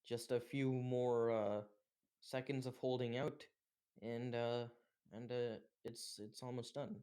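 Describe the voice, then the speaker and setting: Young male gamer, mid-pitched, casual commentary, filler-heavy. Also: flat delivery, slow pace, warm tone. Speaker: gameplay commentator. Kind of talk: gameplay commentary.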